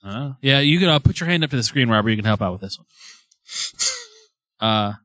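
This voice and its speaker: A man's voice: mid-range voice, brisk, dry recording. A man hosting a casual chat around a spirit board, joking, swearing and putting on a spooky tone. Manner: swearing, animated, mock-spooky. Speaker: podcast host.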